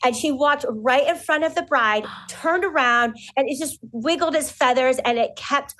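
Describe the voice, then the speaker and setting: A woman who works as a wedding coordinator, answering interview questions and telling stories with lively acted-out quotes. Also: sits high, normal speed, rough recording. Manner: animated storyteller, acts out quotes.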